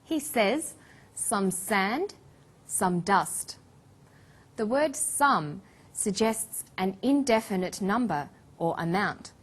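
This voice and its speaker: A woman narrates an English lesson in a slow, measured voice. Her delivery is scripted and carefully clear, pitched at a middle height and paced for learners to follow. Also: lively intonation. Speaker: English teacher.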